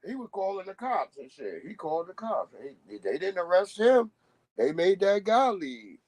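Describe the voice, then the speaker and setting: A man's voice: sits high, very animated, moderate pace, darkish tone, no echo. A man hosting a live stream, rambling in casual street slang and laughing as he talks.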